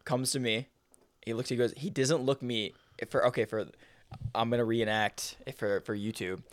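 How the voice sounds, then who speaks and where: A young man co-hosting a casual podcast, telling a story with lively reenacted dialogue and cursing. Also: medium pitch, moderate pace. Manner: animated, reenacts dialogue, swears. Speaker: podcast co-host.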